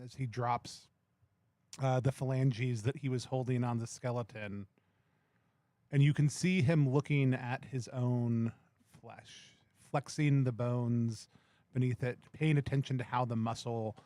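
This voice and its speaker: A man's voice: mid-range voice, a little mellow, no room sound. A man narrating a tabletop game scene like a camera shot, with fillers. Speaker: player narrating his scene.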